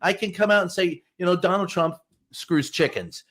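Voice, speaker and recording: A man's voice: high-pitched, moderate pace, fairly bright tone. A man who is a White House correspondent, speaking as a guest in a podcast interview, blunt and emphatic, telling stories and swearing for emphasis.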